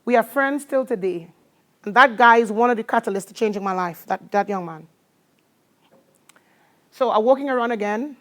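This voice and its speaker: A woman with a Trinidadian accent giving an animated motivational talk to a live audience, telling her story and drawing call-and-response from the crowd. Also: fairly high pitch, normal speed, long pauses. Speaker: motivational speaker.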